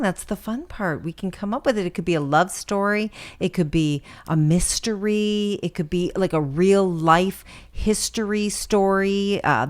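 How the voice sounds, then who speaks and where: A middle-aged woman, a mother co-hosting a casual chat with her daughter, enthusiastic and encouraging. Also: medium pitch. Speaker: co-host, mother.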